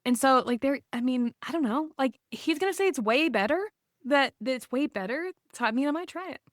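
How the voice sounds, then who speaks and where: A woman's voice: high voice, lively intonation, fairly quick, no room sound, clean studio sound. A woman co-hosting a podcast in casual chat, laughing often and talking with lots of fillers. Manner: chatty, laughs often, many likes and fillers. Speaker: podcast co-host.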